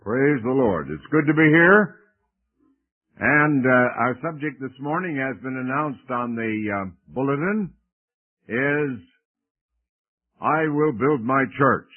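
Slow, emphatic preacher on tinny radio. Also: male voice, mid-range voice. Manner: slow, emphatic, leads congregation in repeating phrases. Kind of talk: sermon.

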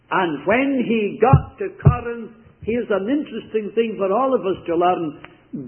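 A man with a Scottish accent delivers a sermon in a notably high voice, earnest and conversational, often turning to speak straight to his listeners. The recording is tinny and narrow, almost like a phone line. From Scotland, near Hamilton. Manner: earnest, conversational storytelling with direct address to listeners. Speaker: preacher.

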